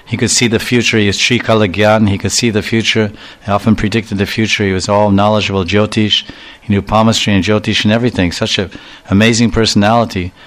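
A man giving a devotional lecture, telling stories and acting out quoted speech, often repeating and correcting himself as he goes. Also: on the low side. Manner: storytelling, acts out quoted speech with voice changes; repetitive, self-correcting phrasing. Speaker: spiritual lecturer.

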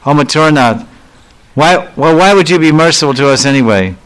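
Man doing a heartsick young village milkmaid, higher voice, smooth and clear, pleading and reproachful, retold in a sermon. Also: fairly even intonation, measured pace, a bit bright, natural voice, low-quality recording. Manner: pleading, reproachful, raised pitch. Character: lovelorn young village milkmaid, humble then contrary.

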